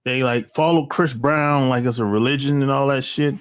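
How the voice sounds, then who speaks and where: A man's voice: medium pitch, fairly even intonation, moderate pace, smooth. A middle-aged man hosting his own channel, talking bluntly in a rambling, slangy monologue with sighs, restarts and profanity. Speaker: channel host. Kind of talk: casual opinion monologue.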